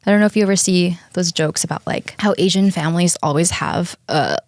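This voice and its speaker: A woman's voice: on the low side, fairly quick, no room sound, clean studio sound. Chatty woman telling stories with laughs. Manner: chatty, laughs often, swears casually. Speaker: podcast co-host. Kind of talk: casual storytelling chat.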